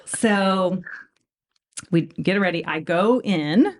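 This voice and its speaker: A woman's voice: medium pitch, lively intonation, takes it slowly. A woman in her thirties telling a story in casual chat, laughing and whispering the quoted lines. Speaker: veterinarian guest.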